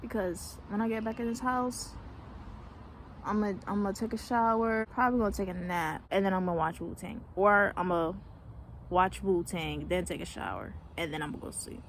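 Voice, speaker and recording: A young woman from Connecticut telling a story to camera in a casual, animated way, acting out what people said and swearing freely. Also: mid-range voice, normal speed, a little hiss or hum. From Connecticut, USA. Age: young adult. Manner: animated storytelling, acts out quotes, laughs often, swears casually. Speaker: vlogger.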